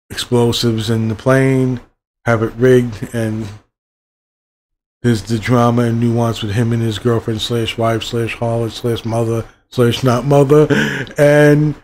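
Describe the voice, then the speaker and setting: A man talking through a film review in a loose, rambling way, full of fillers and casual swearing. His voice sits at an ordinary middle pitch, neither deep nor high. It sounds like an unscripted spoken review. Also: a little mellow. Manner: loose, rambling, profane retelling with many fillers. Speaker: movie reviewer.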